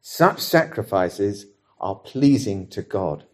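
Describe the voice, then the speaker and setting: A man preaching a sermon in a measured, earnest way, reading scripture aloud and leading the congregation in prayer. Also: lowish voice, animated.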